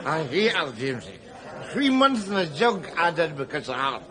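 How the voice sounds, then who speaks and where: A man's voice: fairly high pitch, sing-song, moderate pace, a loud crowd, very noisy. A Glaswegian actor playing a bitter, rambling unemployed man in a sitcom, with studio audience laughter. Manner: rambling, boisterous, drunken. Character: boozy unemployed Glasgow man, bitter, gabby. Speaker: sitcom character.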